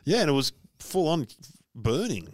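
Lively-voiced man chatting. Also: fairly high pitch, moderate pace, no echo. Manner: chatty, laughing, jokey storyteller. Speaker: podcast co-host. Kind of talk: casual chat.

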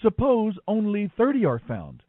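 A man's voice: sits high, wildly swooping pitch, a little slow, dry recording, phone-quality sound, pitched above the performer's own voice, heavily acted. A man reading scripture, voicing a humble old man who pleads and bargains. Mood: pleading.

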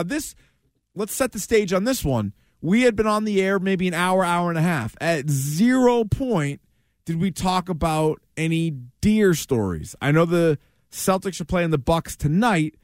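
A man's voice: high-pitched, dry recording. A man hosting a sports talk radio show, chatting casually and animatedly with lots of fillers.

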